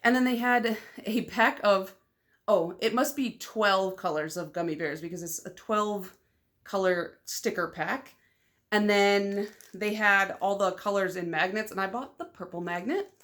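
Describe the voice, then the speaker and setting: A woman's voice: medium pitch, a little slow. Chatty, rambling young woman vlogger. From Michigan. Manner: chatty, rambling, lots of "like" fillers; excitable and loud, laughs often. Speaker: nail polish vlogger. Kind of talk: casual vlog chat.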